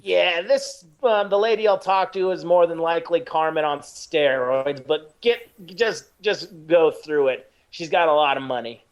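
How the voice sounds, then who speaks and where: Shady crime boss voiced by a man, slow guarded delivery, hesitant pauses, fairly high voice for a man, tabletop role-play. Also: clean tone.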